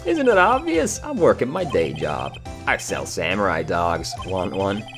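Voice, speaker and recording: A man voicing a goofy, excitable young man in a Santa suit in a squeaky, bubbly falsetto, over game music. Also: unhurried, heavily acted. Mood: excited. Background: video game music.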